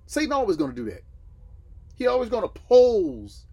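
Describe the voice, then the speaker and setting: Husky man teaching a Bible class. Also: high voice, huge pitch swings, normal speed, dark tone. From Southern United States. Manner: asks listeners questions and answers them himself.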